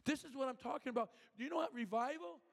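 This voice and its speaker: Male preacher, high-pitched, fervent and rousing, in a church sanctuary with a long reverb tail. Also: fast, vocal fry. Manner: fervent, rousing, asks the congregation questions. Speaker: guest preacher. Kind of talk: sermon.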